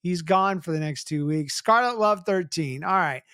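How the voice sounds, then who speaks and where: A man's voice: sits high, expressive, moderate pace, sharp tone, smooth, no room sound, clean studio sound. A man hosting a podcast, chatty and teasing in casual comedic talk. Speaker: podcast host.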